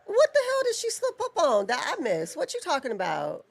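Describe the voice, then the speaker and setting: A co-host of a live wrestling watch-along, chatting casually and asking quick questions. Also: high voice, huge pitch swings, gravelly. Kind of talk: casual live-stream chat.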